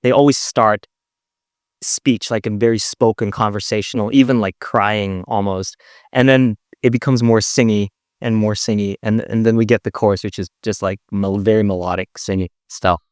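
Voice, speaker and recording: A man's voice: fairly low pitch, steady tone, normal speed, clear, resonant tone, no echo, studio quality. Upbeat man hosting a vocal breakdown. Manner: upbeat, explanatory, demonstrating vocal effects. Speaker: vocal coach and host. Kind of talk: casual reaction breakdown.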